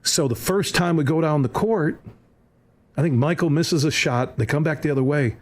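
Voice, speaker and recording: A man's voice: fairly high pitch, normal speed. A man on a podcast telling a story with energy and acting out the other people in it. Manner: lively anecdote-teller, acts out voices. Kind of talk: animated storytelling.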